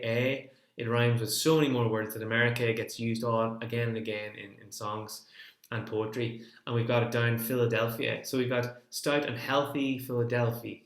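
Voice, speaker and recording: A man's voice: medium pitch, steady tone, moderate pace. Man teaching folk song in a roomy space. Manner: chatty explanations between sung demonstrations. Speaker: singing teacher. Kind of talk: folk singing lesson.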